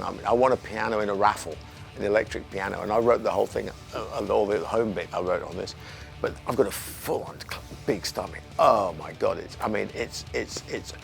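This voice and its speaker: Gravelly animated English man telling a story. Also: fairly low pitch. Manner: animated storytelling, acting out quotes and humming drum parts. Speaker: musician talking about his song. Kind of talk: relaxed anecdotal interview talk.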